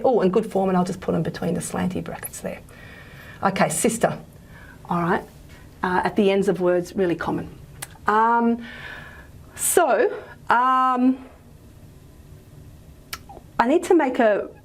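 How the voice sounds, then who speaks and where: A woman's voice: mid-range voice, unhurried, creaky, pauses often, slightly rough. A woman giving a phonetics lecture, explaining patiently with many fillers and frequent "okay?" checks. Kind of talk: recorded lecture.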